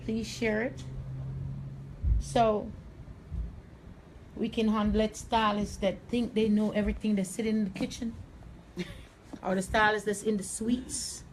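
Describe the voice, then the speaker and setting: A woman's voice: medium pitch, slight background noise, rough recording. A woman with a Jamaican accent, hosting a chatty live hair tutorial and calling viewers honey. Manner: sassy, calls listeners honey. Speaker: hairstylist host.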